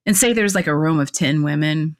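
Low-voiced woman telling lively stories. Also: a little fast. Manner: animated storyteller who laughs often and acts out quotes. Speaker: podcast guest, clarity coach and fitness instructor. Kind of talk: casual conversational interview.

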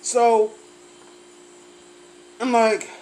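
A high-pitched man, a little drunk and sweating, rants in a comedic style and swears at almost every word. He keeps mimicking the people who pester him with questions, with a lot of energy. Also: monotone, very slow, a little mellow, a little hiss or hum. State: tipsy, sweating. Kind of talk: profane comedic rant. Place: lively night venue with drinks.

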